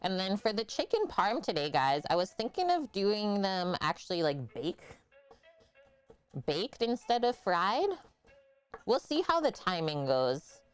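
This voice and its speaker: A woman's voice: mid-range voice, big pitch swings, measured pace, clear, resonant tone. A woman hosting a live cooking stream in a home kitchen, chatting casually and explaining each step as she cooks.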